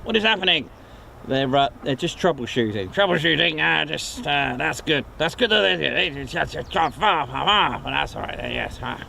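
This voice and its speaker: A posh old retired wing commander rambles in a plummy, pompous way, as a man puts him on. The voice is a bit high, with a gravelly rasp, and faint noise can be heard outdoors. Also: expressive, normal speed, sharp tone, full character voice. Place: outdoors by an airfield.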